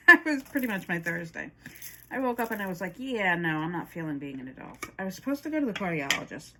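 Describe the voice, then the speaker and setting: A woman talks casually to her viewers, rambling from one thought to the next and breaking into laughs. Her voice sits on the low side for a woman. It is a relaxed, chatty craft-vlog delivery. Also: quick pace, background noise. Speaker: crafting vlogger. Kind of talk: casual chat to camera.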